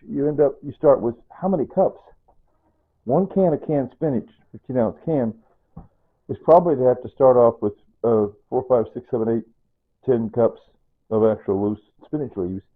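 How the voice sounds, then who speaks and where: A man's voice: mid-range voice, narrow, tinny audio. A man chatting loosely while cooking in his home kitchen, rambling and repeating himself as he explains each step. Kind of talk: unscripted cooking video chat.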